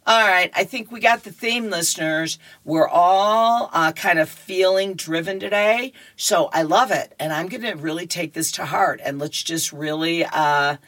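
Low, slow-reading radio woman. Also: fairly bright tone. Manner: chatty, with giggles and restarts. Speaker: radio reading-service reader. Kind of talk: reading horoscopes and comics on radio.

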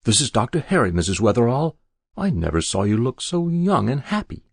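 A man's voice: mid-range voice, sing-song, brisk, vocal fry, slightly rough, dry recording, studio quality, heavily acted. A man reading as a breezy country doctor.

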